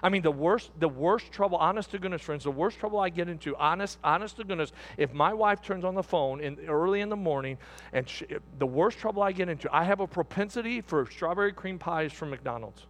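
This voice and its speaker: High-voiced preacher man, folksy and repeating. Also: expressive, brisk. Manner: folksy, repetitive, swings from soft asides to loud exhortation. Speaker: pastor. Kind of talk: sermon.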